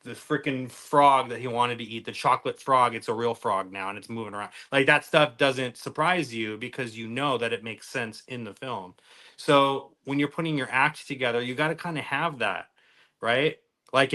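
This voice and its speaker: A man's voice: medium pitch, sharp tone. A man co-hosting a magic podcast, talking in a rambling, casual way with lots of fillers and trailing off at the ends of thoughts. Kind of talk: casual chat.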